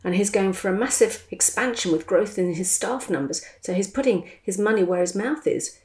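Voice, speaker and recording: A woman voicing an easygoing, wry man with a title, talking in a dry, relaxed way. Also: medium pitch, moderate pace, natural voice. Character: Australian knighted man, wry, easygoing expat. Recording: roomy echo.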